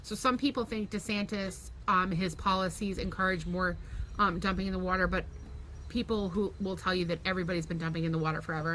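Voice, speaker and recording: A woman's voice: fairly low pitch, fairly even intonation, quick pace, a bit bright, slight background noise. A woman co-hosting a podcast at home, chatting casually and animatedly and swearing freely. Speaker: podcast co-host. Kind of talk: casual chat.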